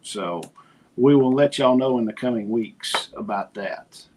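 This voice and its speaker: A man's voice: mid-range voice, measured pace, background noise. A middle-aged man, co-hosting a podcast and retelling conversations in casual chat. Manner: storytelling, animated retelling of conversations. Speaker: podcast co-host.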